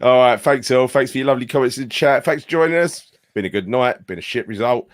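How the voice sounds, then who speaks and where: A man's voice: mid-range voice, quick pace, no echo, studio quality. A man co-hosting a football podcast, bantering bluntly and swearing. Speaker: podcast co-host. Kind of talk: casual football chat.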